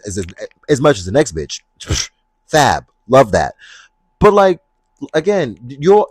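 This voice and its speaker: A young adult man hosting his own podcast, talking casually and with sass in a deep voice. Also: no room sound. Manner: sassy, expressive, slips into playful put-on voices when retelling scenes. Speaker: podcast host. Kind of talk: casual solo podcast talk.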